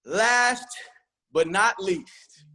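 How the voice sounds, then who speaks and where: A high-pitched man speaks as a church choir director. He runs through a long list of thanks, moved and a little rambling, and keeps circling back to names. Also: expressive, drawn-out words, pushed and bright. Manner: emotional, rambling acknowledgements. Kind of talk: virtual panel thanks.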